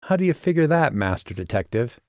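A man playing a wry, gentle young ghost. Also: medium pitch, big pitch swings, fairly quick, dry recording, clean studio sound, pitched above the performer's own voice.

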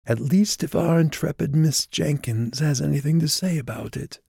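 A man's voice: on the high side, moderate pace, vocal fry, warm tone, husky, no echo, clean studio sound, voice pushed up. A man voicing a sly, teasing male figure in an audiobook, in a raised, altered voice. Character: sly, meddling man perched on a bucket.

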